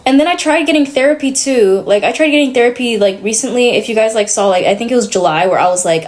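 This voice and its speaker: A woman's voice: a little high, quick pace, hardly any pauses. A young woman talks loosely to her stream audience in a rambling, conversational way. She leans heavily on fillers and slips in nervous laughs between her thoughts. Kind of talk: casual stream chat.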